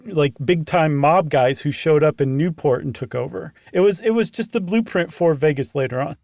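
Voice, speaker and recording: Animated male podcast co-host. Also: on the high side, normal speed, creaky, dry recording, clean studio sound. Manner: animated, laughs often. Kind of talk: casual chat.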